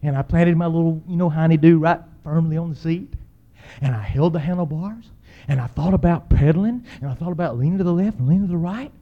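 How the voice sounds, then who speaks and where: A man telling a humorous personal story, acting out the people in it and yelling out the exciting parts. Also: fairly high pitch, quick pace, phone-quality sound. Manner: animated, acts out voices and yells.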